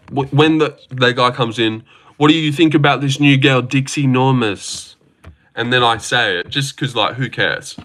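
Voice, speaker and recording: A man with a mid-range, sharp-toned voice hosts a casual livestream reacting to fights. He rambles, swears freely, and reads chat messages aloud before answering them.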